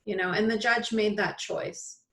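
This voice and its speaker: A woman's voice: mid-range voice, steady tone, unhurried, fairly bright tone, echoey room. A woman guest on an interview podcast, arguing her point with passion and emphasis. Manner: impassioned, emphatic argument. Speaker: guest, activist and author. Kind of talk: conversational interview.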